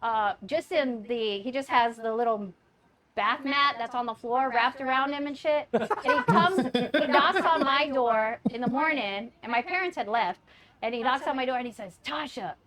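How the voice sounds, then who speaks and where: A young woman with a slightly high voice tells a wild party story in loose, casual chat. She curses freely, breaks into laughter and acts out everyone she quotes. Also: normal speed, crowd noise. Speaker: podcast co-host telling a story.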